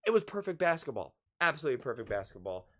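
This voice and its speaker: A man offers casual, excitable basketball commentary, emphatic and repetitive, his voice hoarse from screaming. He speaks fast in a slightly high register.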